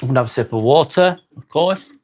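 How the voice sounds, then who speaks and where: A man with an East Lancashire accent hosts a live stream in a relaxed, unhurried way. His voice sits at an ordinary middle pitch. He reads out viewer comments and answers them with friendly, easygoing warmth. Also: background noise. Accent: East Lancashire English. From North West England. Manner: calm, unhurried, winding down, calls people mate.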